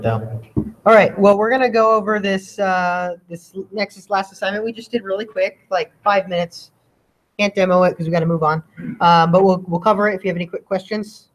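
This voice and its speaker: A man teaching a coding bootcamp class, chatting casually and joking with students. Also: high voice. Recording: noisy classroom audio.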